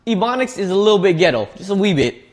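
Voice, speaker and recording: A man's voice: high voice, big pitch swings, fast. A man streaming, chatting casually while he eats, laid-back and slangy, often repeating his words. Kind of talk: casual chat while eating.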